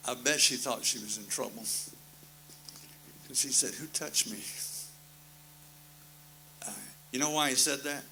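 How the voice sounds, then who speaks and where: A man's voice: mid-range voice, creaky, sharp tone, slight background noise, poor audio. A man preaching a sermon in a folksy, plain-spoken storytelling manner, repeating his refrains.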